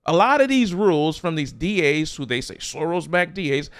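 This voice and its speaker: A man's voice: on the high side, sing-song, normal speed. A man preaching a sermon as a pastor, emphatic, with rhetorical questions and repeated phrases.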